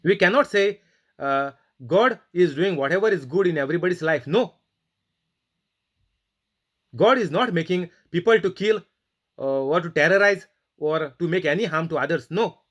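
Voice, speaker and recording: A man preaching a sermon, reading Bible verses and leading prayer, with many pauses and fillers. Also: high voice, lively intonation, a bit bright. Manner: halting, many fillers, emphatic rebukes.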